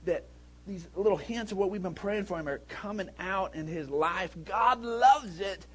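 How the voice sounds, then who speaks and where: A man in his thirties, a pastor preaching a sermon with animated storytelling, who breaks into shouts when he acts out a scene. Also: high-pitched, moderate pace.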